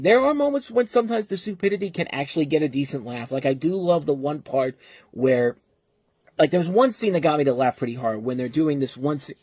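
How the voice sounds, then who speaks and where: A man's voice: a little high, darkish tone, no echo. A man giving a casual, exasperated movie review, rambling with frequent restarts. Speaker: film reviewer.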